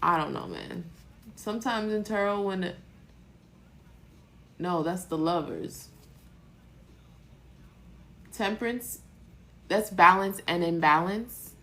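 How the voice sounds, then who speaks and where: A woman with a low, gravelly voice reads tarot cards on a live stream, speaking straight into her phone. She talks in an emotional, rambling way and swears casually as she works through the spread. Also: slow pace, long pauses, fairly bright tone. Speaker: tarot reader.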